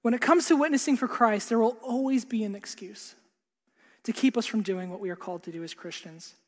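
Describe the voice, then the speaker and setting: A man's voice: high-pitched, fairly quick. Earnest preacher man in a reverberant hall. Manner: earnest, repeats words, drops to a hush for emphasis. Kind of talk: sermon.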